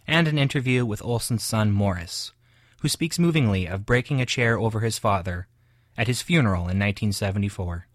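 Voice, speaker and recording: A man reading scripted comedy narration as an announcer, with loud, crisp, mock-formal delivery. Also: fairly low pitch, fairly quick, no echo.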